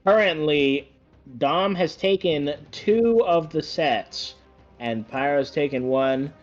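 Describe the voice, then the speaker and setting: A man giving casual play-by-play commentary on a gaming match, rambling and correcting himself, with sudden excited bursts. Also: fairly high pitch, takes it slowly, muffled recording, soft background music. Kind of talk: casual esports-style commentary.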